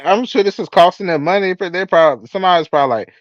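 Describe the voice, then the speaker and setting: A man's voice: sits high, fast talker, no room sound, muffled recording. A man co-hosting a tech podcast, chatting casually, laughing often and acting out little quotes. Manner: animated, laughing, acts out quotes. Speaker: podcast co-host.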